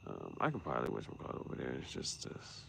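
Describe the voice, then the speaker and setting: A man vlogging late at night, thinking out loud and trailing off into mutters and restarts. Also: very deep voice, wildly swooping pitch, fast, vocal fry, background noise. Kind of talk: late-night rambling vlog.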